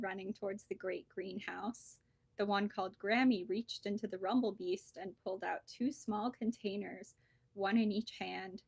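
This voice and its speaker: A woman bookseller reading a children's storybook aloud with lively, expressive storytelling. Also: medium pitch, moderate pace, gravelly, slightly rough, no room sound.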